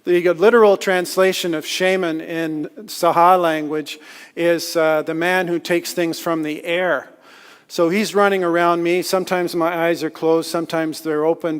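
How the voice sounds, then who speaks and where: Male speaker, slightly high voice, self-deprecating storyteller, long hall reverb. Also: smooth. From Canada. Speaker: conference speaker. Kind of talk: storytelling talk. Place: lecture hall.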